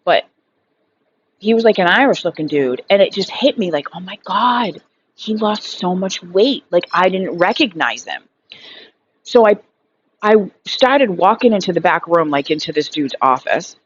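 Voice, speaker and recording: A woman in her thirties rambles through a personal story in a frank, unfiltered way, swearing freely and leaning on fillers as she talks. Her voice sits a little low. The recording is slightly dull and lo-fi, with a faint hiss underneath. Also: very animated, moderate pace. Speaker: recovery vlogger. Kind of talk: casual storytelling monologue.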